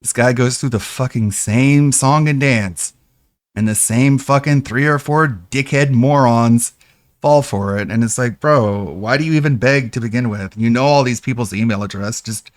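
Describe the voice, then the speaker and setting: A man's voice: mid-range voice, moderate pace, dry recording, studio quality. A man streaming reaction commentary, mocking another streamer with sarcastic, profane impressions.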